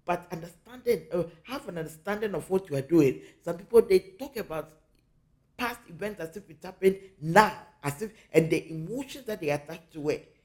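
Spiritual teacher from Africa, earnest, warm mellow tone, hammers key phrases home. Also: mid-range voice, animated, normal speed.

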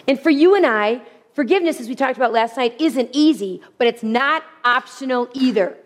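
A woman preaching to a crowd in a large hall, her voice a little higher than most. She is animated and funny and repeats her key phrases for emphasis. A long reverb trails after her words. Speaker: women's speaker. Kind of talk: sermon.

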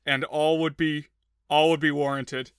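A man's voice: a little high, level tone, unhurried, fairly bright tone, clear, resonant tone, dry recording, clean studio sound. A man co-hosting a podcast, giving thoughtful, wry analysis in casual chat. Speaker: podcast co-host.

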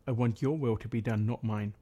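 A man reads the part of Jesus in a grave, measured way, his voice mellow and low-key. The tone stays plain and even, like a reader's. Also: lightly acted. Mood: solemn.

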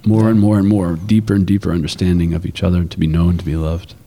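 A man co-hosting a casual podcast conversation, telling stories lively and acting out the voices he quotes. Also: low voice, quick pace. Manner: lively storyteller who acts out quoted voices. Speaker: podcast co-host.

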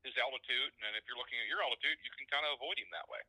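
A man's voice: mid-range voice, very fast, sharp tone, slightly rough, dry recording, poor audio. A man, a guest on a paramotoring show, explaining technical details step by step with frequent hesitations. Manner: matter-of-fact, explains step by step with many uhs. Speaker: guest, paramotor pilot and electronics builder.

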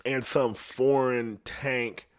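With a medium-pitched voice, fairly even intonation and drawn-out words, a man rambles through a casual solo rant on his own podcast, cursing and laughing at his own jokes.

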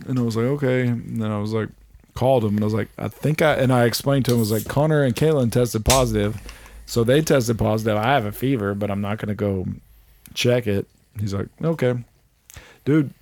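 A man in his thirties hosting a casual podcast. His voice is gravelly and mid-pitched, and he tells animated stories full of swearing and laughter. The sound is dry and close. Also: no room sound. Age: 30s. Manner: animated storyteller, swears freely, laughs often. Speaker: podcast host. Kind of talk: casual chat.

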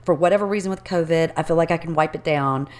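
Lower-voiced woman telling a story. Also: fast talker. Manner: animated, acts out the people in her story. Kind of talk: casual storytelling chat.

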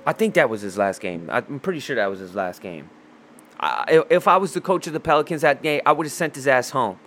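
A man on a loose sports rant, swearing freely and trash-talking with real heat. His voice sits at an ordinary middle pitch. He rambles, restarts his sentences and wanders into asides as he goes. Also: expressive, brisk, a bit bright, slight background noise. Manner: heated, profane, trash-talking.

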